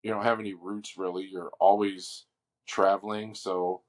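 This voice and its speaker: Animated, swearing male podcast storyteller. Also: low voice, normal speed. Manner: animated, profane storytelling with lots of fillers. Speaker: podcast co-host. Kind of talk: casual storytelling chat.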